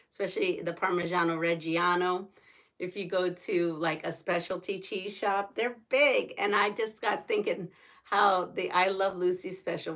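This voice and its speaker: A woman's voice: fairly low pitch, fairly bright tone. Chatty woman rambling while she quilts. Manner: chatty, rambling, laughs at herself. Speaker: quilting vlogger. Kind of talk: casual chat while quilting.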